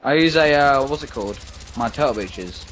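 A man's voice: mid-range voice, expressive, moderate pace, a bit bright. Giggly young Englishman, hesitant. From England. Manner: giggly, hesitant, lots of fillers. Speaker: guest gamer. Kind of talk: casual gaming chat. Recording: headset mic with faint noise.

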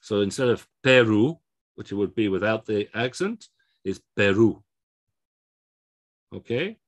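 A man with a somewhat low voice lectures on pronunciation rules. He explains patiently, stumbling through fillers and restarts. He keeps checking that his students follow along. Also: big pitch swings, moderate pace. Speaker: Spanish language instructor.

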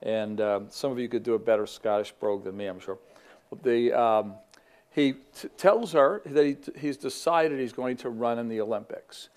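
A man's voice: mid-range voice, moderate pace, darkish tone. A middle-aged man, a ministry vice president, giving a reflective faith talk in a conversational way with many fillers and restarts.

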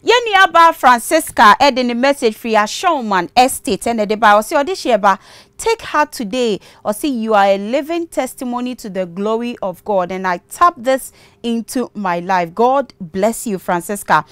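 Smooth, dry-sounding Ghanaian woman host. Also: on the high side, animated, normal speed, a bit bright, no room sound. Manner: reads viewer messages aloud, blessing each sender. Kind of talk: church call-in show hosting.

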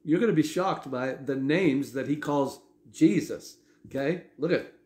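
A man preaching a sermon in a conversational way, often checking in with his listeners with a quick "okay?". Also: fairly high pitch, darkish tone, roomy sound. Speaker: pastor.

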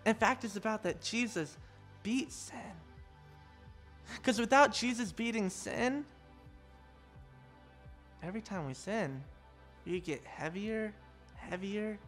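A woman's voice: mid-range voice, expressive, takes it slowly, long pauses, faint music behind. A woman giving an online children's church sermon, telling the story animatedly and talking straight to the kids. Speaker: children's pastor.

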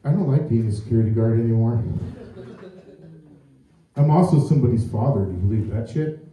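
A self-mocking stand-up comedian rambles through his stories. His voice is very dark and mellow, and it echoes strongly, picked up from far across the room. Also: medium pitch, brisk, slight background noise. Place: comedy venue before a live audience.

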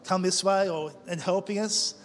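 A man preaching a sermon as pastor, telling stories in a conversational way with quick asides. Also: sits high, fairly even intonation. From Australia. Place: large church auditorium. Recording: long church hall reverb with faint music.

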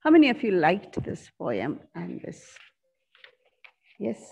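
A woman teacher, giving an online class from a school corridor, slowly repeating answers and spelling out words. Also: on the low side, wildly swooping pitch, vocal fry, husky. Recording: dull lo-fi sound.

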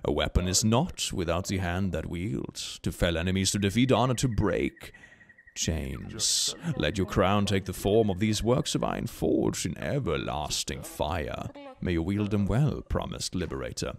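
A man voicing an ancient mystic spirit in a game, speaking deep, slow and ceremonious. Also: very animated, gravelly, exaggerated voice. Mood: solemn. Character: ancient mystic spirit granting weapons, solemn and grand.

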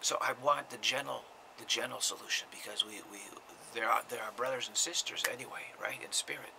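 A man, a spiritual teacher, giving an informal talk to viewers, often dropping into a breathy whisper and repeating words as he goes. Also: medium pitch, fairly even intonation, brisk, sharp tone, a little hiss or hum, low-quality recording.

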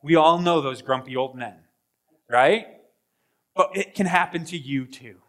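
A man preaching a sermon as pastor, animated, acting out voices and swinging between loud bursts and hushed asides. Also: a little high, unhurried. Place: church sanctuary.

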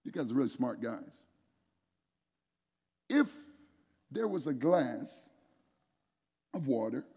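A man preaching an energetic sermon at a men's conference, calling on the crowd to answer back and raise their hands. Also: medium pitch, husky. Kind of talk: energetic sermon with call-and-response. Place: large church hall with an audience. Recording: echoey hall, long reverb.

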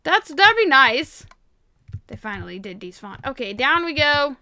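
High, bright, excitable young woman gamer. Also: a little slow. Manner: excitable, gasps and shrieks often. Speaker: gaming YouTuber. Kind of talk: Minecraft let's-play commentary.

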